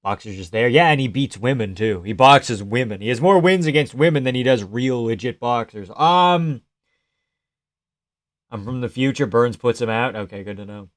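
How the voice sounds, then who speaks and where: A man's voice: medium pitch, expressive, normal speed. A man live-streaming casual commentary while watching fights, blunt, sarcastic and swearing freely.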